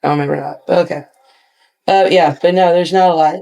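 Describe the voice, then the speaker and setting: A woman telling animated, profane stories in a casual interview as a guest, acting out quotes with big jumps in her voice. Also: on the low side, fast talker, vocal fry. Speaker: guest wrestler.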